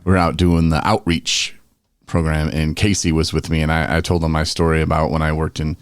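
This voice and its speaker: Male podcast host, deep voice, laid-back storyteller who acts out quotes. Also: little pitch movement, a little fast, clean tone, dry recording, faint music behind.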